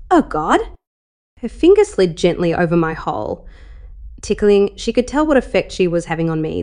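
A woman narrating a first-person erotic story in a soft, intimate delivery with breathless rises. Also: fairly low pitch, clear, resonant tone.

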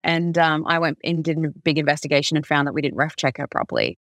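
A woman recruitment firm founder talking through stories in an animated, conversational way, with plenty of "like". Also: low voice, fast talker, no room sound, studio quality. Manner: animated storyteller, heavy use of "like". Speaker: recruitment company founder, guest. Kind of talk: conversational podcast interview.

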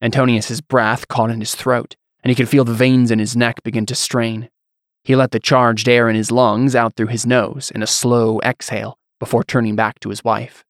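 A man's voice: medium pitch, little pitch movement, no echo, clean studio sound. Male narrator reading fantasy fiction. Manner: measured storyteller reading.

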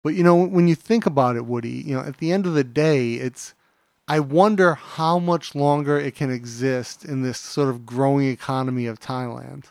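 A man's voice: mid-range voice, moderate pace, vocal fry, darkish tone, no room sound, studio quality. A man co-hosting a podcast, chatting casually and telling stories with plenty of fillers. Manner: chatty storyteller, many fillers. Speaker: podcast co-host.

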